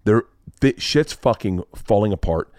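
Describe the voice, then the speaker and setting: Lively man telling a story. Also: lowish voice, unhurried, no room sound, studio quality. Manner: animated, acts out quoted voices, swears freely. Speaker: podcast host. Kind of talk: casual storytelling.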